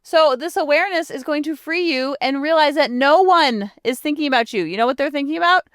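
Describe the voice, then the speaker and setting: A woman hosting a podcast, telling a story in a chatty, animated way and acting out her own self-talk. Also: high-pitched, brisk, no echo, studio quality. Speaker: podcast host. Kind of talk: casual solo podcast talk.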